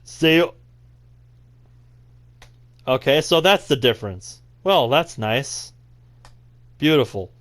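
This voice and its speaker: A man's voice: mid-range voice, expressive, measured pace, a bit bright. A young man reading a visual novel aloud as a let's play host, with dry, sarcastic asides. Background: faint game music.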